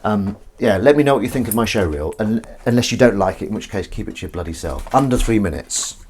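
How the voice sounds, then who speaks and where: A man's voice: lowish voice, expressive, fast, a little mellow, a little hiss or hum. Rambling, chatty man washing up. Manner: rambling, chatty, talks to viewers and his cat, sings little tunes. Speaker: live-stream host. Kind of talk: casual live-stream chat while washing up. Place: home kitchen.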